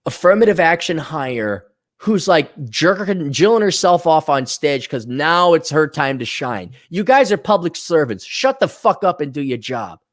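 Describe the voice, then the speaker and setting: Profane, sarcastic male podcast ranter. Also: on the high side. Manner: animated, mocking voices in quotes. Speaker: podcast host. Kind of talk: ranting solo commentary.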